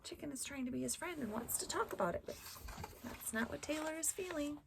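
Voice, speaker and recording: A woman hosting a children's storytime, reading a picture book slowly and expressively and asking the children questions. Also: sits high, lively intonation, vocal fry, noisy background. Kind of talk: read-aloud storytelling for children.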